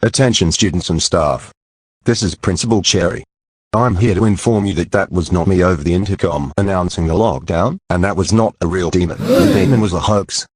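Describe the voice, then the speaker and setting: A man's voice: deep voice, animated, brisk, a little mellow, husky, no echo. A synthetic male voice playing a stern school principal in a cartoon, scolding and making announcements. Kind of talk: text-to-speech cartoon dialogue.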